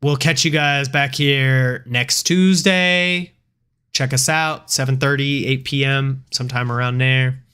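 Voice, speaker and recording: A man's voice: medium pitch, fairly even intonation, measured pace, bright, forceful tone, smooth. A man co-hosting a casual livestream chat, sounding nasal from a cold and rambling along with fillers. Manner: laid-back, rambling with fillers. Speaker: podcast co-host.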